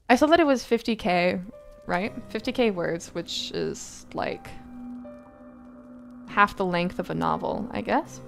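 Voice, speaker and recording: A woman's voice: mid-range voice, slow pace, gravelly, pauses often, fairly bright tone, faint music behind. A tired young woman streamer chatting casually, rambling with lots of fillers and laughs.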